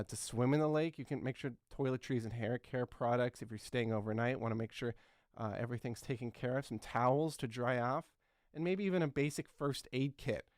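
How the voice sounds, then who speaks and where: A man's voice: medium pitch, darkish tone, no room sound, studio quality, natural voice. A man in his twenties playing an earnest, clueless talk show host who rambles and fills his talk with ums and uhs. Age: 20s. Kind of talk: satirical talk show comedy.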